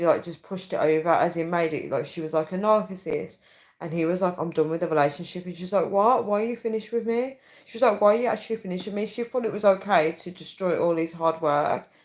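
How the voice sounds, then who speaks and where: Casting: young woman, chatty livestream host, breaks into shrieking laughs. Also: fairly low pitch. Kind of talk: casual livestream chat reading comments.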